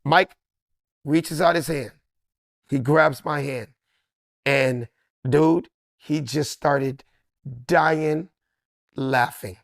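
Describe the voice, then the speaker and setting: A comedian, a man, telling an animated story and acting out the lines of everyone in it. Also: on the high side, extremely slow, vocal fry, pauses often, no room sound, studio quality. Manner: lively, acts out every character's line.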